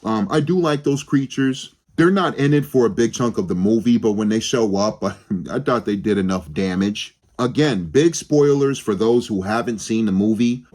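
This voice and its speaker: A man's voice: fairly low pitch, normal speed, darkish tone. A young man giving a rambling, casual film review on his channel, swearing freely and often restarting his sentences. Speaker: movie review vlogger.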